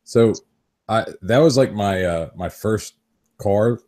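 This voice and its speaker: A man's voice: fairly low pitch, slow pace, a little mellow. A man in his thirties telling rambling stories on a podcast, swearing freely. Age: 30s. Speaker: podcast host. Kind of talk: casual chat.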